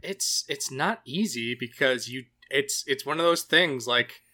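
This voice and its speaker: Male podcast host, bright tone, fast and profane banter. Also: mid-range voice. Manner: animated, profane, jokey. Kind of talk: casual podcast chat.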